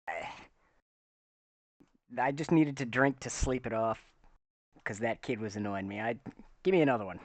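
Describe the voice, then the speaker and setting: A man at mid pitch plays his character in a tabletop game with casual, playful banter. His voice is close and dry, with no room around it. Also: normal speed, long pauses, no echo. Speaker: player.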